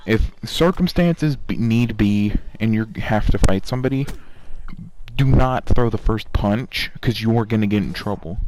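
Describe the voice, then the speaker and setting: A man's voice: on the low side, moderate pace, noisy background. A man telling a casual anecdote over gameplay in a rambling, filler-heavy way into a microphone. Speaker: gaming channel storyteller. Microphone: desk microphone.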